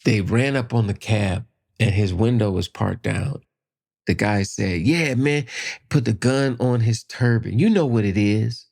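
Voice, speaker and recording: A man telling a personal story in casual conversation, animated, acting out voices and sound effects. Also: fairly low pitch, measured pace, vocal fry. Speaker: podcast guest.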